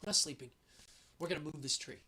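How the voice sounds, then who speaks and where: A man's voice: fairly high pitch, quick pace, bright, forceful tone, slightly rough. A man hosting a show, telling a travel story in a casual, rambling way with many fillers.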